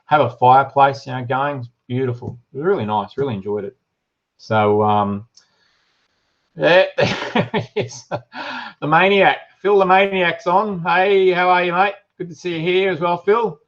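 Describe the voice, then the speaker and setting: This middle-aged Australian man runs a shop and hosts a casual live stream, where he reads viewer comments aloud and chats with plenty of ums and uhs. He speaks at a normal speed in a fairly high voice, and the highs are cut off.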